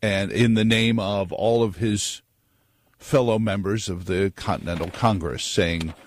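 A man's voice: on the low side, steady tone, measured pace, a little hiss or hum. A man hosting a talk radio show in a loose, joking monologue that wanders off on tangents. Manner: joking, digressive, conversational. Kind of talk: casual monologue on politics.

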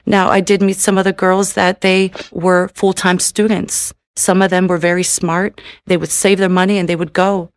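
A woman's voice: lowish voice, flat delivery, moderate pace, hardly any pauses, no echo, studio quality. A middle-aged woman giving an emotional personal testimony in a tearful manner, with many repeated "you know"s. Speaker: testimony speaker.

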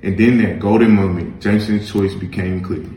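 A man reading a children's picture book aloud in a gentle, measured storytelling manner. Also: sits low, steady tone, echoey room, slight background noise, low-quality recording. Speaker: reader.

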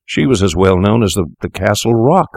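Deep-voiced reader doing a nervous young student, earnest and a bit higher, dry sound. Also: male voice, lively intonation, normal speed, gravelly, no echo. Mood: worried. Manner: worried, earnest. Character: anxious young male medical student.

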